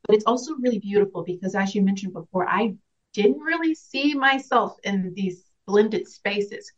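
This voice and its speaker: A young woman speaks at a medium pitch in a relaxed interview. She is reflective and earnest, and she often starts a sentence over or laughs between thoughts. The recording has a slightly dull, lo-fi sound. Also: normal speed. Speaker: actress guest. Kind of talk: casual interview.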